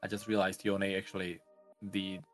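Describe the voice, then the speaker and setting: A man's voice: sits low, little pitch movement, normal speed, a bit bright, faint music behind. Agreeable man in casual chat.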